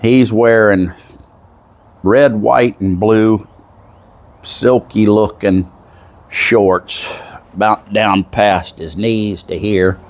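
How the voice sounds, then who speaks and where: A man with a relaxed Southern accent tells a story in a casual, folksy monologue, drifting off into asides along the way. His voice sits very low. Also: very slow, pauses often. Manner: folksy, meandering, with frequent asides. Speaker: vlogger.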